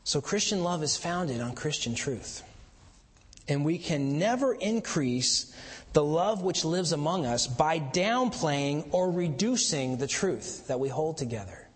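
A man preaching a sermon as pastor, mixing chatty asides with slow, emphatic lines. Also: on the high side, lively intonation, long reverb tail.

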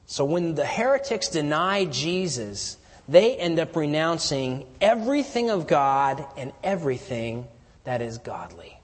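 A man preaching an expository sermon, teaching verse by verse and swelling into emphatic declarations before dropping quiet again. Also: on the high side, sing-song, measured pace. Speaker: pastor. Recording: long hall reverb.

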